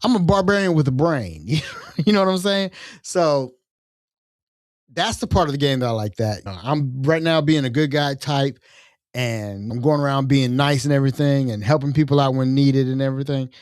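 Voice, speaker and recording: A man's voice: medium pitch, normal speed, darkish tone, dry recording. A young adult man hosting a solo podcast, his voice sitting in the middle of the male range. He tells stories in a loose, slangy way and jumps into character voices for quotes. He is recorded close and dry, with no room sound. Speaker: podcast host. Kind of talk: casual solo storytelling.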